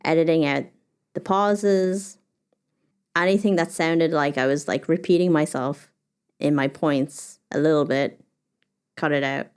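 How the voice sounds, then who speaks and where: A woman's voice: low-pitched, a little slow, pauses often, darkish tone, clear, resonant tone. A woman hosting her own podcast, talking alone and thinking aloud with lots of "like" and restarts. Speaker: podcast host. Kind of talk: reflective solo podcast monologue.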